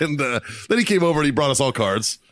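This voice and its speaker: A man's voice: fairly high pitch, sing-song, quick pace, a crowd in the background. Swearing, laughing podcast host man. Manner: laughing storyteller, swears constantly. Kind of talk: casual chat.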